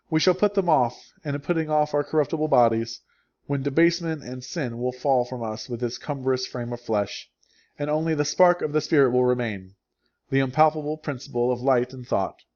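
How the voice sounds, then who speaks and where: Man voicing a calm, devout schoolgirl in a storybook reading; measured and earnest, mid-pitched, slightly dull lo-fi sound. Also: natural voice. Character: gentle, pious young schoolgirl, calm and patient.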